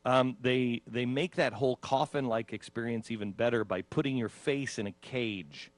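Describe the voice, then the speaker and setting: A man's voice: medium pitch, normal speed, dry recording. A man hosting a radio talk show, casually telling of his own ordeal and acting out his own panicked reactions with laughs. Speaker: radio host.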